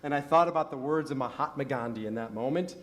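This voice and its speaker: Talking fast in a mid-range voice, a middle-aged rabbi gives a sermon in a synagogue sanctuary, with slight background noise audible. He tells stories and asks rhetorical questions, building emphasis as he goes.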